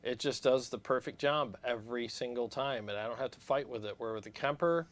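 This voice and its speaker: A man hosting a casual livestream, animated and blunt, laughing often as he talks shop. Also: mid-range voice, a little fast. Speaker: host of a guitar gear livestream.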